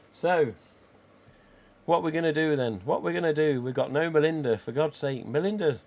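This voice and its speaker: A croaky man, chatting casually as a live stream host. He reads viewer comments aloud and answers in a cheeky, easygoing way, with casual swearing. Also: fairly high pitch, moderate pace, a little mellow. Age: 40s. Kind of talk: casual livestream chat reading viewer comments.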